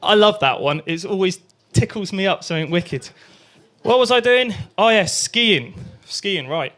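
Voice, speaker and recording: A man's voice: high voice, animated, a little slow, a bit bright. A young man performing a crude stand-up set at an open mic night, acting out voices and sounds. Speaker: stand-up comedian.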